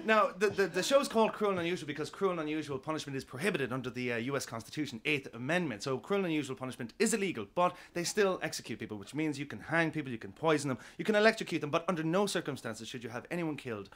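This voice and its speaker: A man's voice: a little high, animated, a bit bright. An Irish man performing a wry stand-up routine as a comedian. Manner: quick, wry, self-deprecating delivery.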